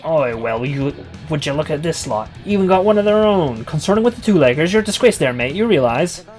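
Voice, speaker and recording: A man reading a game aloud, voicing a sneering, rowdy dog-like troublemaker in a loud, taunting put-on voice. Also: fairly high pitch, animated, a little fast, soft background music, close to an everyday voice.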